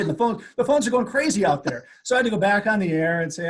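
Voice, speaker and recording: An older man with a slightly raised, husky voice tells anecdotes from decades on the air. He talks with animated energy and often jumps up in pitch when he quotes people. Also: very fast, few pauses. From USA. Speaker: radio host, guest. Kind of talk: storytelling interview.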